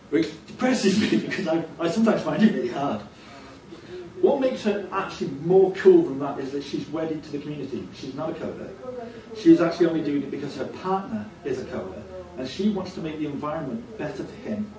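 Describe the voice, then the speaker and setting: A man giving a conference talk in a slightly higher voice, with a wry, self-deprecating sense of humour. His voice echoes around a hall, picked up from some distance away. An audience fills the room around him. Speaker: conference organiser and speaker.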